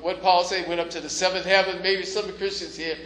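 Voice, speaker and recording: A man's voice: high-pitched, flat delivery, a little fast, a bit bright. A man preaching a sermon in a conversational way, now and then rising to emphatic stresses. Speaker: pastor. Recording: echoey room, faint noise.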